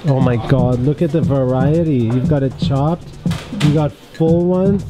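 A man's voice: mid-range voice, a little slow. Easygoing chatty man vlogger, music behind. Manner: easygoing, chatty, laughs easily. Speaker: travel vlogger. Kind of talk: casual travel vlog chat.

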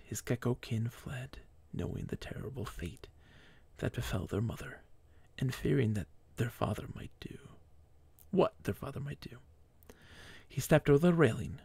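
A male streamer who reads with theatrical, mock-grand flair and then slips into casual chat. His voice carries a gravelly edge. The sound is dry and close on a desk microphone. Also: mid-range voice, moderate pace, darkish tone, no room sound.

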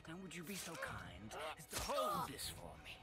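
An actor playing a cruel, mocking immortal god who taunts in slow, drawn-out sarcasm. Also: male voice, a little high, huge pitch swings. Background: game music.

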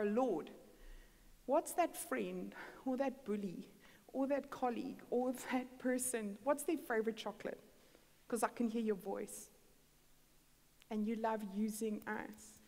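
A woman preaching a storytelling sermon in a church hall, acting out the dialogue in her stories. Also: medium pitch. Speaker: guest preacher. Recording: long church-hall reverb.

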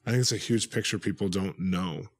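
A man hosting a casual interview, playful and quick to laugh, with lively bursts of excitement. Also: sits low, husky, no echo. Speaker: host.

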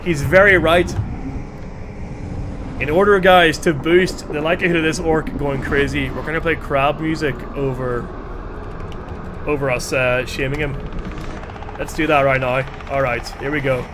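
A man with a Northern Irish accent, commentating live on his gameplay in an excitable, chatty way, calling out to his viewers. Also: on the high side, unhurried, pauses often, noisy background. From Northern Ireland. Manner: excitable, chatty, calls viewers lads and chat. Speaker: game streamer. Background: music.

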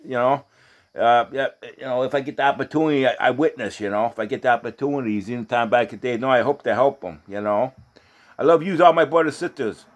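A man reading scripture aloud as a lay preacher, halting and restarting often, then drifting into rambling, informal testimony. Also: mid-range voice. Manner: casual and rambling when talking off the text, often asks "you know?".

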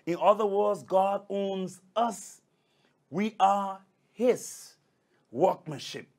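A man's voice: sits high, slow, a little mellow. A male pastor preaching a sermon, emphatic and repetitive, addressing listeners as brothers and sisters. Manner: emphatic, repeats key phrases.

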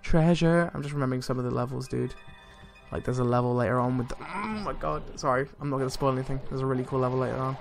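Brief: young male let's-player, mid-pitched, hyped and profane, faint game music behind. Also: fast, gravelly. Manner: excitable, swears a lot, laughs often. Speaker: let's play gamer. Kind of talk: casual gameplay commentary.

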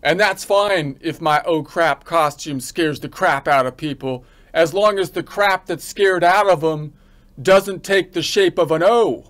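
A man practicing a stand-up joke alone, rambling through it with a mock-serious, deadpan delivery and many restarts. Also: fairly high pitch, a little slow. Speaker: accounting instructor practicing a joke.

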